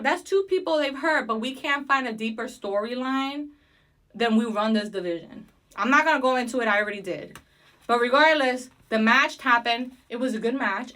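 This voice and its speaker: A woman's voice: fairly high pitch, bright, forceful tone. A woman casually recapping and giving her opinions on a wrestling show, chatty and opinionated. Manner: chatty, opinionated, with fillers and restarts.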